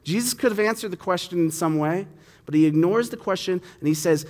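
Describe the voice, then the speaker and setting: A man's voice: sits high, a little fast, darkish tone, long reverb tail. A man preaching a sermon, reading scripture and explaining it in a conversational way, acting out the dialogue. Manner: conversational, acts out dialogue with voices.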